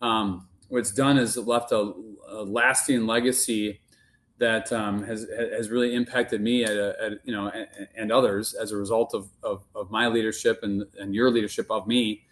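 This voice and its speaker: A man's voice: fairly low pitch, little pitch movement, moderate pace, fairly bright tone. A middle-aged man as a podcast guest, speaking earnestly and often repeating words while he searches for them. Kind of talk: casual interview conversation.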